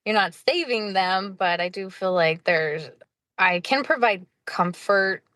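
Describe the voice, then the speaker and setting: Speaking unhurriedly in a medium-pitched, fairly bright voice with no echo, this hospice nurse and podcast host keeps the interview loose and chatty. She laughs frequently and leans on fillers.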